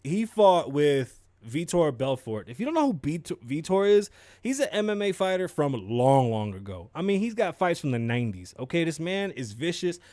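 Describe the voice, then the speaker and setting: A young man hosting a podcast, giving animated, profane sports commentary and mocking people in put-on voices. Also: a little high, moderate pace, no room sound, studio quality. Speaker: podcast host. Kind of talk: casual commentary.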